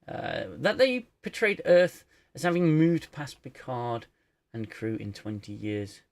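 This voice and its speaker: A man's voice: medium pitch, big pitch swings, unhurried, vocal fry. A man hosting a casual livestream chat about shows, rambling with laughs and restarts. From United Kingdom. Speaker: show reviewer and host.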